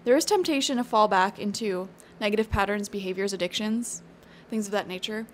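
A woman's voice: mid-range voice, fairly quick, slight background noise. A woman giving a casual, encouraging tarot reading, chatty and thinking aloud with fillers. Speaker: tarot reader.

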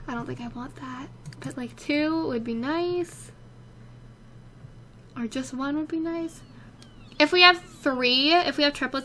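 A young woman with a high, bright voice gives casual, chatty game commentary. She gets excitable and talks straight to the characters on screen. A faint hiss sits under the recording. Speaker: let's play host.

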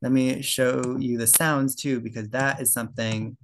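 Gravelly young man presenting slides. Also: medium pitch, level tone, moderate pace, slight background noise. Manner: loose and conversational, many fillers and self-corrections. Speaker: presenter at a birding club talk.

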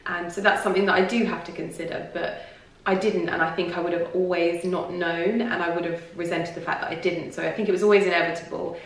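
A woman speaks to her viewers in loose, confiding vlog chat that keeps circling back on itself. Her voice sits a little low. It comes from some way off the mic and booms around a very echoey room. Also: fairly even intonation, fast talker, creaky, recorded from a distance. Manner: rambling and confiding, lots of "like" and restarts. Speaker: lifestyle vlogger. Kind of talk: casual personal talk to camera.

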